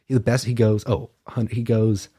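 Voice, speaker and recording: A man's voice: lowish voice, little pitch movement, moderate pace, warm tone, breathy edge. A young man, a guest on a podcast, telling stories casually, peppered with "like" and laughing mid-sentence. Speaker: podcast guest, dating coach. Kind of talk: casual chat.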